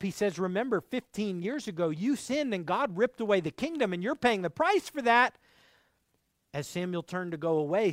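A man delivers a sermon, his voice pitched high and swinging widely as he retells and quotes scripture. The sound is close and dry, with no room around it. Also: dry recording. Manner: expressive preaching, quotes scripture in old English. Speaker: pastor.

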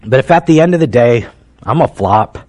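In this sermon, a pastor in his thirties speaks expressively at a medium pitch and moderate pace. The storytelling is emotional and heartfelt, with hushed stretches that climb to emphatic peaks.

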